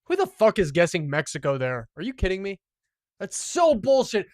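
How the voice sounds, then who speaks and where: A man streaming live gameplay, commenting as he plays, boastful and profane, swinging from loud excitement to low muttering. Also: fast talker, dry recording, clean studio sound.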